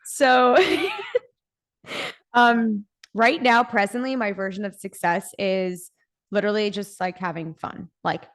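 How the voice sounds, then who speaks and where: A young woman guesting on a podcast, talking candidly in a relaxed way, often saying "like" and swearing casually. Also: mid-range voice, takes it slowly.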